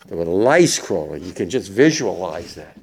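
An older man, a war veteran, gives spoken testimony to young listeners, halting and emotional, restarting often. His deep voice is sing-song and darkish with a breathy edge.

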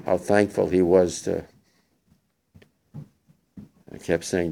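An older man, a war veteran, gives spoken testimony to young listeners, halting and emotional with many restarts. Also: deep voice, little pitch movement, creaky, dark tone, a little hiss or hum.

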